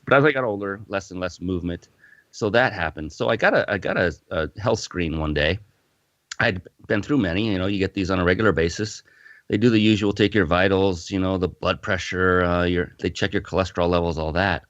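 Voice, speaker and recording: A male podcast guest who founded a fitness company launches into an animated personal story during a casual interview, often restarting as he goes. He speaks fairly quickly in a deep voice. The lo-fi audio is muffled and dry, without echo.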